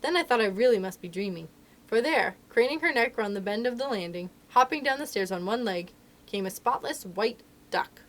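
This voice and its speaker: A woman reading a children's novel aloud for a library storytime, with expressive, animated storytelling. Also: on the high side, moderate pace.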